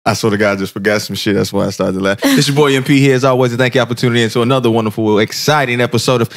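A man's voice: medium pitch, steady tone, rapid-fire. A young man hosting a casual podcast, loose and joking, swearing freely as he talks. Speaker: podcast host.

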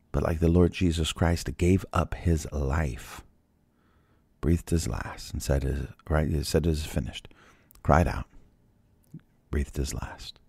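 A man's voice: a bass voice, vocal fry, slightly rough, dry recording. A man hosting a daily Bible podcast, talking conversationally with rhetorical questions and ending in prayer. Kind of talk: devotional talk and prayer.

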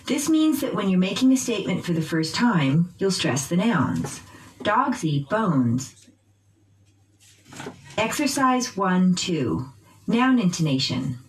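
A woman teaching English pronunciation, reading drills slowly with exaggerated stress. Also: lowish voice, a little hiss or hum, low-quality recording. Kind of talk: recorded pronunciation lesson.

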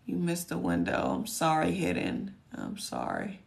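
A woman hosts a casual livestream Q&A in a hoarse, gravelly voice that keeps cracking. She sits fairly low in pitch and sounds folksy and chatty, often muttering to herself as she works. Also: wildly swooping pitch, a little slow. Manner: folksy, chatty, talks to herself while searching. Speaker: host answering viewer questions.

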